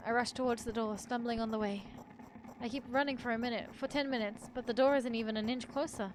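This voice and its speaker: A woman's voice: a little high, steady tone, quick pace, slight background noise, rough recording. A woman streamer reading a horror story aloud in the first person, with joking asides.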